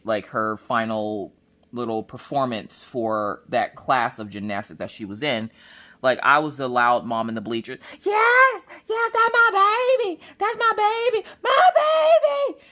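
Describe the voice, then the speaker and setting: A woman crafting vlogger chatting casually, telling family stories with lots of restarts and acted-out voices. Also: moderate pace. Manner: animated, acts out family members in shrill high voices; chatty, with many restarts and "look, listen". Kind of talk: casual storytelling chat.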